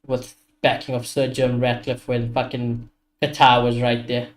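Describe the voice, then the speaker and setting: A man's voice: medium pitch, completely flat delivery, a little slow. A young man, ranting animatedly and swearing as he hosts a casual football watchalong stream. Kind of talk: casual live-stream chat.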